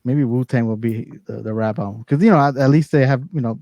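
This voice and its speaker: A man's voice: mid-range voice, fast talker, warm tone, no echo, lo-fi sound. Man, casual host, swears a lot, trails off searching for names, dry close sound. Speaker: podcast host. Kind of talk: casual chat.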